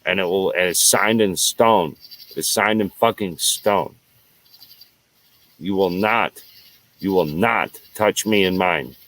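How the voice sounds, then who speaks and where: Man, angry rant, swears constantly, repeats himself, lowish voice, crickets in the background. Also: slow pace, long pauses, a bit bright. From United States. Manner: profane, heated, repetitive. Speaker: show host.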